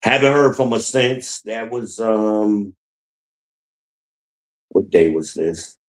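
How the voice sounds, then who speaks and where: A man's voice: on the low side, animated, takes it slowly, poor audio. A man hosting his own podcast, talking casually and bluntly on his own, venting with profanity and repeating his points. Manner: rambling, repeats himself. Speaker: podcast host. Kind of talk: casual solo monologue.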